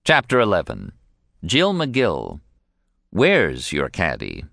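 A man's voice: deep voice, huge pitch swings, takes it slowly, vocal fry, fairly bright tone, no room sound, studio quality. A man narrating a first-person memoir in a wry, joking storytelling manner. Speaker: audiobook narrator.

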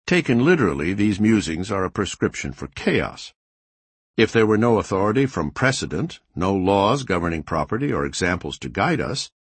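A man reading a nonfiction history audiobook in a measured, expressive narration style. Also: low-pitched, husky, no room sound.

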